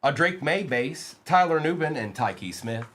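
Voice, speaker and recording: Casting: male card-break streamer, lively pitch swings, quick excitable banter with chat.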